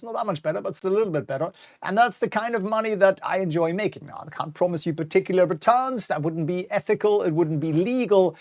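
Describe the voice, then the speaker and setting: A man's voice: fairly high pitch, no room sound. A middle-aged man hosting a live-streamed stock market talk, chatty and wry, reading out viewer comments as he goes. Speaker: host.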